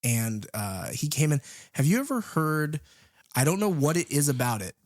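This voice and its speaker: A man's voice: fairly high pitch, moderate pace, dry recording, studio quality. A man co-hosting a film podcast, talking casually and hesitantly, with frequent ums as he tells stories. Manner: hesitant, many ums, relaxed storyteller. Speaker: podcast co-host.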